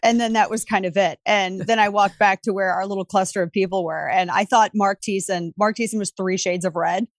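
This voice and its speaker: A woman's voice: medium pitch, a little fast, few pauses, dry recording. Emphatic woman guest telling a story. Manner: lively anecdote-telling, emphatic. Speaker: guest, radio host. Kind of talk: animated storytelling in conversation.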